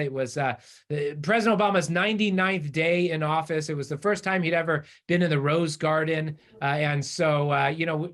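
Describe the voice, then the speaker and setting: A middle-aged man giving a conference keynote, telling stories with lively acted-out quotes. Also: a little high. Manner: animated storyteller, acts out voices in quotes. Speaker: keynote speaker.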